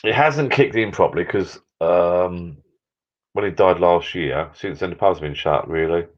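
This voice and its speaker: An older man hosts a live stream from the bar shed in his backyard garden, chatting in a rambling, sentimental way. His voice sits low and unhurried, and the audio has its highs cut off.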